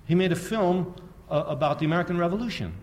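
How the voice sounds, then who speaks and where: Speaking in a high voice at a quick pace, a man gives a sardonic, lively public lecture on history. He throws out rhetorical questions in rapid succession and frequently laughs at his own remarks.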